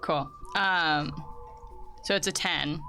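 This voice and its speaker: A woman playing a tabletop game, casual and playful, with hesitant fillers. Her voice is crisp and bright though a little low-pitched, with faint music behind it. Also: takes it slowly. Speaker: player.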